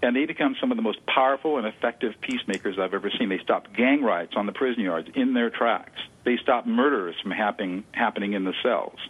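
A man's voice: lowish voice, a little fast, hardly any pauses, slightly rough. A man speaking as an interview guest, explaining a listening technique with enthusiasm and repeating words for emphasis. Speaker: guest expert on conflict de-escalation. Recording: tinny phone line.

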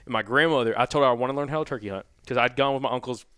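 Fast-talking rambling young man, casual. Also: mid-range voice, clean tone. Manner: rambling, animated, heavy "like" and "dude". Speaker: podcast host. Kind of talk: casual storytelling chat.

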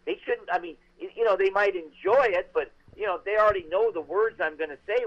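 An older man, a veteran actor, telling stories as an interview guest in a chatty, animated way with many restarts. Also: sits high, a little fast, hardly any pauses, muffled recording. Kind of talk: interview storytelling.

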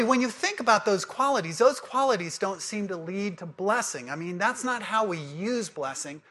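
A man delivers a sermon in a high, bright voice. He quizzes the congregation and then settles into earnest teaching. He reads scripture aloud slowly. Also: slight background noise. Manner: lively call-and-response with the congregation. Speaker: pastor.

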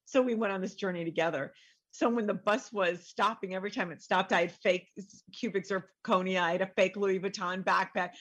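Woman, middle-aged, author guest, animated storyteller, acts out quotes. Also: medium pitch, brisk, husky. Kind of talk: storytelling in a casual interview.

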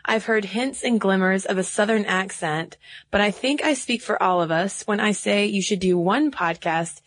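A woman's voice: mid-range voice, normal speed, no echo, studio quality. A woman from the American South co-hosting a podcast in casual chat, laughing often. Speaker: podcast co-host.

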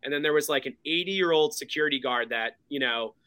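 A man telling a story in an excited, casual way, with many fillers. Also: fairly high pitch, fairly quick, clean tone, dry recording. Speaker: podcast guest.

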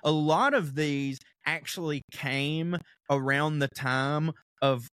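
A man's voice: fairly high pitch, slow, a bit bright, no room sound, studio quality. A young man co-hosting a podcast, chatting casually in a rambling, profane way and laughing often. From American South. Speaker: podcast co-host. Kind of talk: casual chat.

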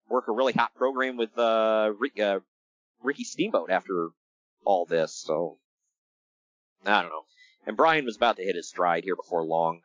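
A man co-hosting a casual podcast, talking in an animated, exasperated way and laughing often. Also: sits low, dry recording, highs cut off. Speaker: podcast co-host. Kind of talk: casual wrestling podcast chat.

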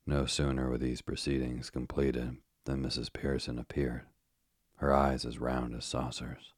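A man narrating a story with a very deep, husky voice. His delivery is measured, steady and flat. The recording is close and dry. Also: no room sound. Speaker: audiobook narrator. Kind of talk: scripted first-person narration.

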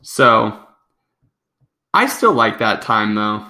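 Podcast co-host, young man, lowish gravelly voice, bright edge, rambling casual chat. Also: very animated, slow pace. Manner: rambling, self-correcting.

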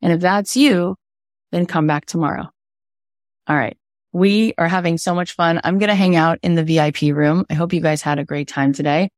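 Woman podcast coach, low voice, dry close sound, animated teaching tone. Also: moderate pace, dry recording. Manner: animated storyteller acting out quotes. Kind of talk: energetic teaching livestream.

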